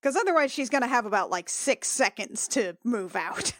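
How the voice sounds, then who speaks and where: A woman's voice: fairly high pitch, big pitch swings, moderate pace, fairly bright tone, dry recording, clean studio sound. Blunt, impatient woman player. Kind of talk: casual tabletop play.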